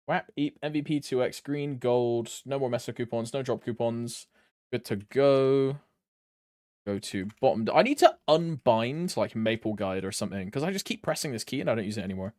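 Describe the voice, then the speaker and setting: Rambling British man, lively voice. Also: medium pitch, normal speed, no room sound, studio quality. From Britain. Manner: rambling, swears casually, chats with viewers while playing. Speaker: game streamer. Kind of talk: casual live-stream chat.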